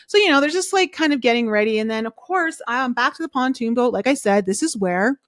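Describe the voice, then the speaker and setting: A woman's voice: fairly high pitch, animated, fairly quick, no echo, clean studio sound. Chatty woman recapping reality TV. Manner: chatty, filler-heavy, opinionated. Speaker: podcast host.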